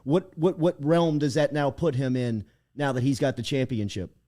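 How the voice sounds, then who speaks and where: A man hosting a sports talk show, asking quick questions and giving short affirmations. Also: medium pitch, mellow. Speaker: show host.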